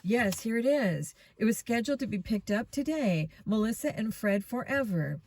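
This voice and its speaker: A woman voicing a brisk, polite adult woman running a jewelry shop in a storybook reading. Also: fairly high pitch, expressive, a little mellow, a little hiss or hum.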